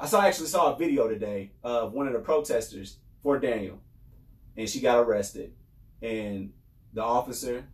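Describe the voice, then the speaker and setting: A man from New York State hosting a podcast, giving an impassioned, repetitive monologue and often raising his voice. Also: fairly low pitch. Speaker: podcast host. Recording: roomy echo.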